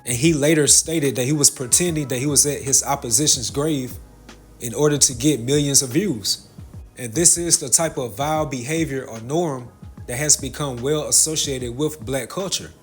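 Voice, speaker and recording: A man giving religious commentary, with a measured, preachy delivery. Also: mid-range voice, soft background music.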